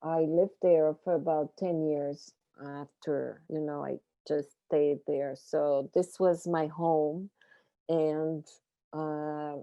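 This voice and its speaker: Woman, very low pitch, slow, hesitant, dull dry recording. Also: fairly even intonation, warm tone, no room sound. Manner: hesitant, self-correcting. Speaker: filmmaker. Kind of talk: panel discussion answer.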